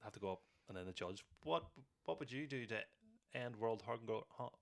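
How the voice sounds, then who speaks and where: A man's voice: medium pitch, animated, fairly quick, vocal fry, a bit bright. A young man, co-hosting a podcast in casual chat, joking, swearing and laughing a lot. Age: young adult. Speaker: podcast co-host.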